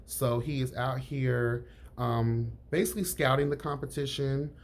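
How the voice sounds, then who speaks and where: A man in the middle pitch range talks straight to camera in a sassy, candid chat, sprinkling honey and girl through his lines. His voice jumps higher whenever he stresses a point, then settles back down. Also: unhurried. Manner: lively pitch jumps on emphasis. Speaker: reality TV reviewer. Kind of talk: casual chat.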